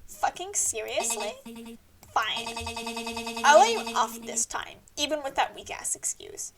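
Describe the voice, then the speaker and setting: A woman's voice: fairly high pitch, very animated, unhurried, gravelly, over music, voice pushed down, heavily acted. Game role: foul-mouthed, pushy young woman, read by a woman, short with everyone. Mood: irritated. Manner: blunt, swearing.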